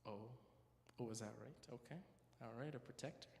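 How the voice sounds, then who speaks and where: A man's voice: medium pitch, moderate pace, a little mellow, in a large hall, a little hiss or hum. A man telling stories at a church prayer meeting, chatty and joking, correcting himself as he goes. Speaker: church speaker. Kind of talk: storytelling talk at a prayer meeting. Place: church hall.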